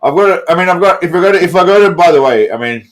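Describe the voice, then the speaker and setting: A man's voice: sits high, lively intonation, racing. Man, live stream host, tipsy, rambling, swears, restarts lines. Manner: rambling, profane, repeats himself. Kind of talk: casual live stream chat.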